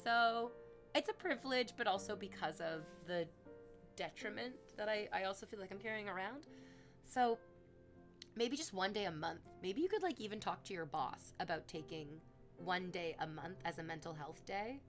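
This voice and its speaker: Woman streamer rambling away to chat, gushy and chatty, music going clearly behind her. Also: mid-range voice, lively intonation, normal speed. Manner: gushing, rambling, talks baby talk to her cat. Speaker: livestreamer.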